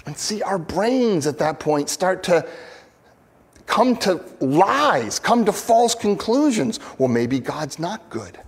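Slow, earnest preaching man. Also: sits high, husky, big-room sound. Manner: earnest, expressive, acts out quoted pleas. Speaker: pastor. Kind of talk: sermon.

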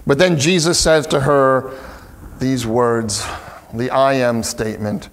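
A man preaching a sermon, reading scripture slowly and carefully, then stepping aside to explain it in a relaxed, conversational way. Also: medium pitch, creaky. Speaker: pastor.

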